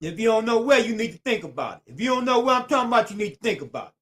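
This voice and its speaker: A man's voice: high voice, sing-song, racing, fairly bright tone. A man hosting a casual live stream, repeating his points with preacher-like emphasis and greeting viewers by name. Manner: talks straight at viewers and greets them by name.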